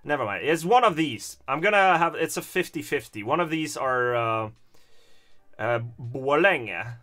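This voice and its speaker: A streamer from Stockholm, Sweden, speaks with a Swedish accent in casual livestream commentary, his voice on the high side, expressive, and sharp-toned at a measured pace. He rambles hesitantly and chuckles often.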